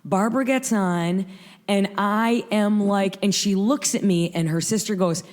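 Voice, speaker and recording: A woman in her fifties from Michigan, a radio host telling an anecdote in a rapid, breathless way, acting out quotes as she goes. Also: mid-range voice, darkish tone. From Michigan, USA. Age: 50s.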